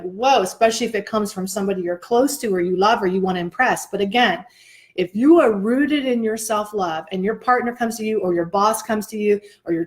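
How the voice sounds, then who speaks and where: A woman co-hosting a casual motivational chat, earnest and encouraging, acting out the voices she quotes. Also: mid-range voice. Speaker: co-host, coach.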